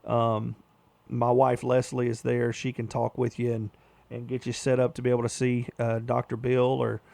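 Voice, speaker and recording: A man's voice: mid-range voice, monotone, moderate pace, vocal fry, dark tone, no echo. A male radio host talking casually, folksy and rambling, with many fillers.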